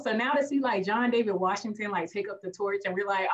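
A woman co-hosting a casual movie review podcast, speaking, animated, acting out lines from the film and laughing often. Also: medium pitch, normal speed, far from the mic, dull audio. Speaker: podcast co-host.

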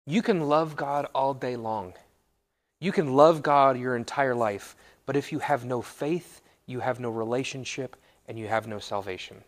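A man's voice: medium pitch, unhurried. A man preaching to a live audience in a hall, with a mid-range voice for his sex. He keeps it casual and playful, breaking into jokey asides and correcting himself as he goes. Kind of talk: joking sermon to a live audience.

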